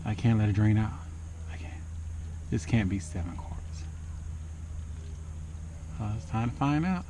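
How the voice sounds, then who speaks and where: Man, DIY car vlog, slow and exclaiming, talks to his cat, camera mic at varying distance, faint background hiss. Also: on the low side, animated. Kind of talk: casual talk while working.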